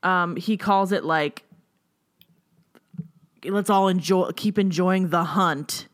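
A woman's voice: lowish voice, slow. A woman co-hosting a podcast, chatting casually and laughing, quoting people in asides. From United States. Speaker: podcast co-host. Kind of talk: casual recap chat.

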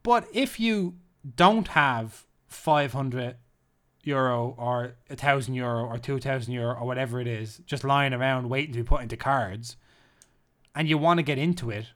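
A man's voice: medium pitch, normal speed, fairly bright tone. A man co-hosting a casual podcast, rambling and joking as he reads out lists with playful emphasis. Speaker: podcast co-host. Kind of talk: casual chat.

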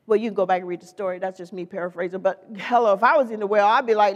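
A woman preaching a sermon in a lively, conversational way, with playful asides to the congregation. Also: mid-range voice, racing, few pauses, in a large hall.

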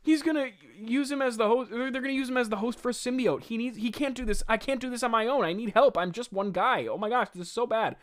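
A man voicing an earnest young male superhero who panics out loud. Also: extremely high pitch, quick pace, few pauses, pitched above the performer's own voice. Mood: panicked.

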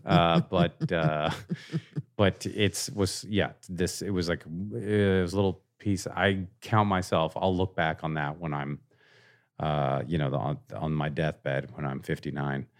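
A man as a podcast guest in casual conversation, telling jokey, animated stories and acting out quoted lines. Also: deep voice, a little slow. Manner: animated storytelling, acts out quoted lines, joking.

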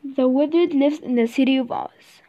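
A woman voicing a gentle good witch in a storybook reading. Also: sits high, moderate pace. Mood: kind. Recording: slightly dull recording.

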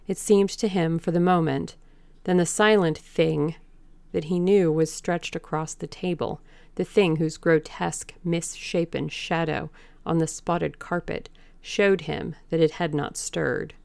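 A woman narrating an audiobook in a measured, deliberate way. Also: low voice, vocal fry, a little mellow, no echo.

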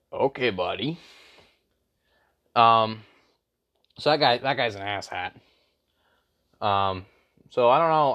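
A man's voice: on the low side, a bit bright, highs cut off. A young man vlogging a casual storytime rant, rambling with lots of fillers and slang.

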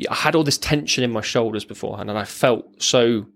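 A man, a former serviceman, telling his own story as a podcast guest in a halting, plain-spoken way. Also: mid-range voice, vocal fry, fairly bright tone. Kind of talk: candid personal storytelling.

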